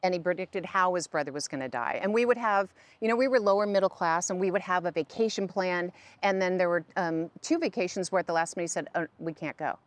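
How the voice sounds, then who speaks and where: A woman's voice: lowish voice, fast talker, hardly any pauses, dry recording. A middle-aged woman, a psychic medium, chatting in an interview and telling stories in which she acts out the voices of other people. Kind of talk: conversational interview.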